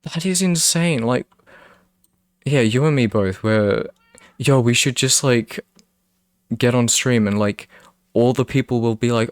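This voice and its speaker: A man's voice: mid-range voice, unhurried, long pauses, dry recording, clean studio sound. A young man with a British accent, a streamer chatting casually and rambling with his viewers. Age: young adult. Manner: rambling, self-interrupting, laughs often.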